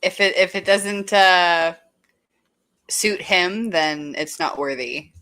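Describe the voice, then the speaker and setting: Slow low-voiced woman panelist. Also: fairly bright tone. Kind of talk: casual chat.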